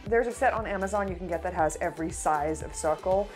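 A woman's voice: on the low side, fast, soft background music. A woman, hosting a casual baking tutorial, chatty and playful with jokey asides. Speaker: host of a baking show.

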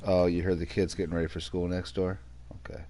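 A man's voice: low-pitched, level tone, fast, mellow, faint music behind. A man streaming a game, chatting casually with viewers and his pet. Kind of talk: casual livestream chat.

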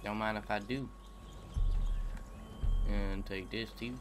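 Laid-back young gamer bro. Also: male voice, on the low side, fairly even intonation, takes it slowly, background noise. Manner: laid-back, self-mocking, says bro and dang. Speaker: gaming youtuber. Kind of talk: casual let's-play commentary.

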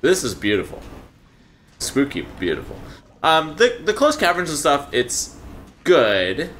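A man's voice: a little high, wildly swooping pitch, unhurried, fairly bright tone, slight background noise. Laid-back chatty man gaming. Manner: chatty, laughs often, swears casually. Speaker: let's play host. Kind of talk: casual gameplay commentary.

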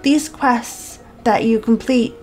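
Brief: gentle game mentor handing out quests, calm and plainly read, a woman reading aloud. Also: on the high side, slow, faint music behind. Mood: instructive.

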